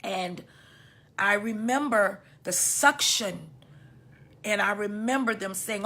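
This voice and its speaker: Woman, 50s, personal testimony; bright, clear tone, halting and emotional. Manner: emotional, halting, often dropping soft and low. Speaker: women's healing teacher sharing her story.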